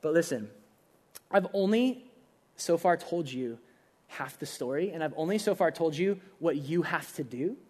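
A man's voice: fairly high pitch, lively intonation, moderate pace, darkish tone. A young adult man, a pastor, preaching a casual but emphatic sermon with rising bursts of energy.

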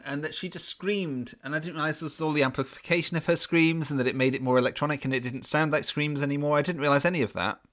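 Casting: man, chatty podcast co-host, enthusiastic, very lively pitch, laughs easily. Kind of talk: casual chat.

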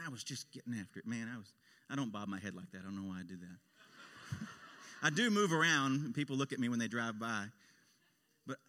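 A man's voice: medium pitch, bright, forceful tone, in a large hall. A male pastor preaching a sermon in an impassioned style, his voice swelling on key phrases. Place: church sanctuary.

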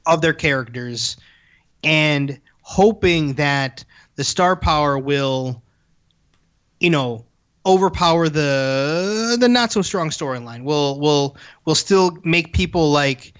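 A chatty speaker who rambles, stumbles over restarts and swears freely in a casual conversation. The voice sits at a middle pitch, and the recording sounds dull and lo-fi. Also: expressive, slow, fairly bright tone, smooth. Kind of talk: casual chat.

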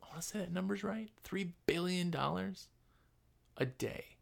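A man's voice: sits high, moderate pace, vocal fry. A man hosting a podcast, giving a casual motivational talk and acting out other people's voices. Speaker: podcast host.

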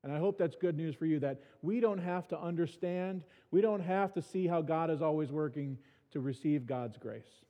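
A pastor gives a sermon in his church, speaking informally with dry humor aimed at himself and frequently starting his words over. His fairly high voice keeps a normal speed with few pauses, and the sanctuary sound is reverberant and dull.

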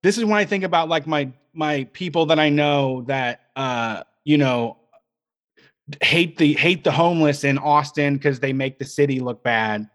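A man co-hosting a casual livestream talk show, sardonic and animated. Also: a little high, moderate pace. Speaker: podcast co-host.

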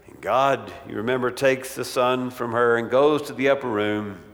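A man preaching a sermon, telling a story with rising, dramatic swells and acting out the voices in it. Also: normal speed. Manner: dramatic, acts out quotes with swells in pitch and volume. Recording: long reverb of a large hall.

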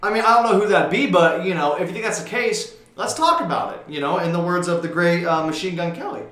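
A young man hosting a podcast in casual chat, with a voice that sits a bit high. He rambles and gets loud and worked up when riled. The room around him is echoey. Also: lively intonation, fast. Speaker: podcast host.

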